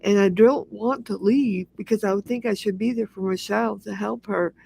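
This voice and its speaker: A woman's voice: mid-range voice, normal speed, vocal fry, mellow, husky. A woman hosting a casual livestream, talking in an aggrieved, repetitive rant. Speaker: livestream host.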